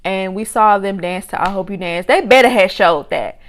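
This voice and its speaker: A woman giving a casual, opinionated recap of a reality show, expressive and sassy, jumping up high in pitch when she exclaims. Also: normal speed.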